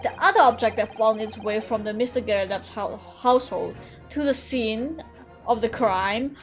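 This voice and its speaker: A woman reading the lines of an earnest young male defense lawyer in a courtroom video game, measured and deliberate. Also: fairly high pitch, faint music behind, natural voice.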